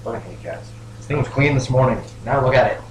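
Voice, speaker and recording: A man's voice: mid-range voice, fast. A man playing in a tabletop session, chatty and given to cursing outbursts. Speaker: player. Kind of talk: casual role-play chat. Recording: distant echoey mic with loud hiss.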